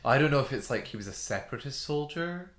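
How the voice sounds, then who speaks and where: Man, podcast co-host, casual chat, quick agreeable replies, echoey room. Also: medium pitch, lively intonation, a bit bright. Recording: roomy echo.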